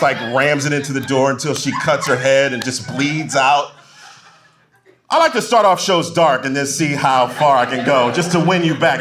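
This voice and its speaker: A man performing a live stand-up comedy set on a club stage, swinging between loud punchlines and quiet muttered asides. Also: medium pitch.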